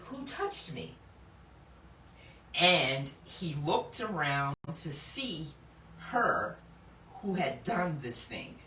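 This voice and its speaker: Woman teaching bible stuff casually, lowish voice that swings around a lot, laughs a bunch, mic kinda far in an echoey room. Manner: animated, laughs often, slows down to read scripture with emphasis. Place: indoor room. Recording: echoey room, mic at a distance, faint background noise.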